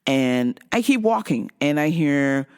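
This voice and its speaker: A woman's voice: low voice, takes it slowly, clear, resonant tone. A middle-aged woman vlog host telling a story casually, with lots of swearing, who acts out what people said. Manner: animated, profane, acts out quotes.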